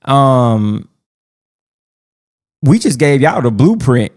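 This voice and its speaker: A man's voice: medium pitch, very animated, extremely slow, a little mellow, no room sound, clean studio sound. A man co-hosting a faith podcast, talking casually and jokingly with plenty of fillers and restarts. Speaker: podcast co-host.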